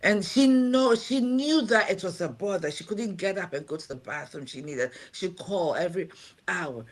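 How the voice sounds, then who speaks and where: With a lowish, expressive voice at a moderate pace, a non-American pastor who also owns a home care agency chats earnestly on a livestream talk show. She repeats her central phrases to drive them home, speaking from the heart.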